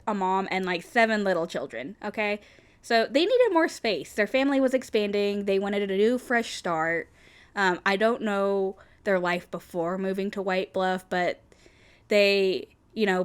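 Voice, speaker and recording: A young woman recounting a creepy local legend in a loose, conversational way. She talks casually, stringing her story together with fillers and dropping swear words for emphasis, at a middling pitch. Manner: chatty, lots of "like" and swearing for emphasis. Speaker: podcast co-host telling urban legends.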